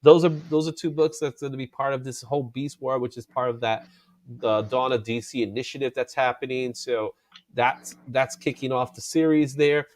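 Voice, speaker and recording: A man hosting a casual comic book chat, animated and laughing often, drawing out his exclamations. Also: medium pitch, normal speed. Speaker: comic book show host.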